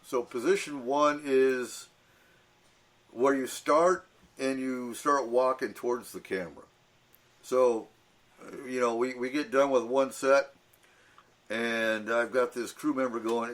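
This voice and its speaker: A man's voice: medium pitch, fairly even intonation, unhurried, long pauses. A man hosting a radio talk show in casual chat, telling anecdotes with fillers and acting out the voices of people he quotes. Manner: storytelling, acts out quoted voices; laughs often, frequent fillers.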